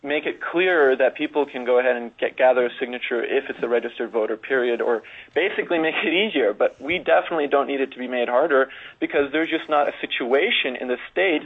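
A man's voice: mid-range voice, fast talker, slightly rough. A man giving frank, plain-spoken testimony at a legislative hearing. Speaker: public testifier. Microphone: telephone. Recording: tinny phone line.

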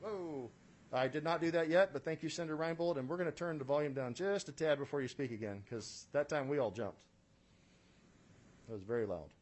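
Here a man with a higher-than-average voice speaks fairly quickly. He is a state senate committee chair handling a formal committee hearing from a committee room, all procedure and business, with plenty of "uh"s and an occasional dry quip.

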